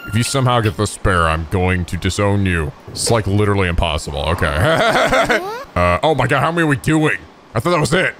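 A fairly low-pitched man speaks fast, with a little hiss or hum on the recording. He hosts a game playthrough, and his commentary is profane, excitable trash talk delivered in mock anger.

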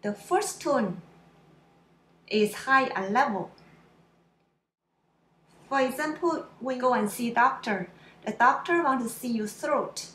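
Slow, high-voiced woman teaching pronunciation. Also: lively intonation, a bit bright, roomy sound. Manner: drawn-out syllables, simple explanations. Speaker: Mandarin teacher.

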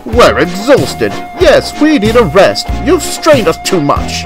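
A man putting on shrill, haughty old coaches. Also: huge pitch swings, slow pace, music in the background, exaggerated voice. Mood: whiny. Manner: prim, whiny, shrieking complaints. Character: haughty fussy old female railway coaches.

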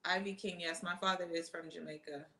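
A woman athlete answering viewer questions in a casual, excitable chat, full of "um" and "like.". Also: lowish voice, brisk, low-quality recording. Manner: animated, excitable, many fillers.

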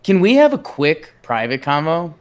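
A man's voice: fairly high pitch, sing-song, moderate pace. A man co-hosting a casual baseball podcast, with wry, sarcastic banter. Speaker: podcast co-host. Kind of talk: casual sports chat.

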